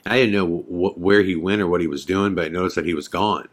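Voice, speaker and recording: A man's voice: low-pitched, fairly even intonation, quick pace. A man hosting a podcast, telling a story in a casual, rambling way with many fillers. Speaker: podcast host.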